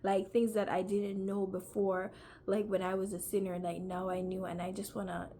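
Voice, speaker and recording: A woman's voice: medium pitch, level tone, moderate pace, warm tone, a little hiss or hum. A young woman sharing her personal faith testimony in a casual video, earnest and talkative, with lots of fillers and a voice close to tears. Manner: earnest, talkative, uses many fillers, grows emotional. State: near tears.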